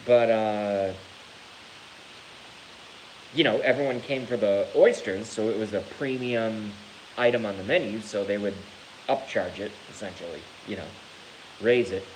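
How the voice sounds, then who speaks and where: A man vlogging to his channel in a casual rant, animated and theatrical, swearing freely. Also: fairly low pitch, moderate pace, a little hiss or hum, rough recording. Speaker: YouTube vlogger.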